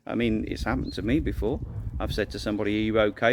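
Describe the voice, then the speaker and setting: A man's voice: lowish voice, steady tone, quick pace, slight background noise. Earnest rambling man vlogging. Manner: earnest, rambling storyteller with many restarts. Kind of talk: casual motivational monologue.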